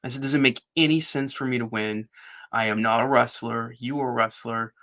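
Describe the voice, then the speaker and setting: A middle-aged man recounts a story as a podcast guest, slipping into other people's voices for quoted lines. His voice is bright and forceful, with a steady middle pitch. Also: brisk. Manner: animated storyteller, acts out quoted dialogue. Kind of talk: casual storytelling interview.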